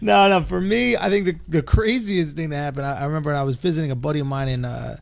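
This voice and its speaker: New dude, gravelly voice, cusses and jokes around on a podcast, dead dry sound. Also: male voice, a little high, quick pace, no echo. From New York. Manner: profane, joking, laid-back. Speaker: podcast co-host. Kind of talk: casual comedic storytelling.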